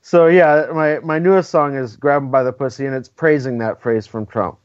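An emphatic, opinionated man talks casually in an interview, pressing his points and checking in with a quick "right?". His voice sits at an ordinary middle pitch. The recording is dull and lo-fi with a dry, close sound. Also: steady tone, no echo. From California. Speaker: interview guest.

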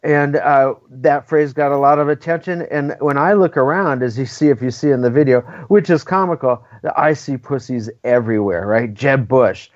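Man, interview guest, emphatic, opinionated, middle pitch, dull lo-fi audio. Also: normal speed, hardly any pauses, no echo. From California. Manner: emphatic and opinionated, often ends points with "right?". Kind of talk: casual conversational interview.

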